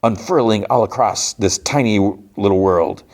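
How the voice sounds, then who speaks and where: A man's voice: fairly low pitch, moderate pace, darkish tone, lightly acted. A man putting on a gushing villain made of light. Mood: grandiose. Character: grandiose male villain made of light, a living cartoon.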